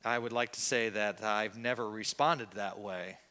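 A male pastor preaching a sermon, reflective and confessional, with hesitant pauses, in a church. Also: lowish voice, fairly even intonation, pushed and bright, in a large hall.

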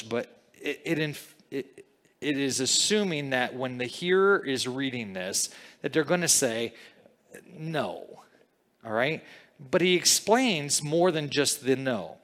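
A man's voice: on the high side, a bit bright, long reverb tail. A man preaching a verse-by-verse sermon in a conversational teaching manner, often checking in with the listeners. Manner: conversational teaching, frequent "okay?" and "all right?" check-ins. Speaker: pastor.

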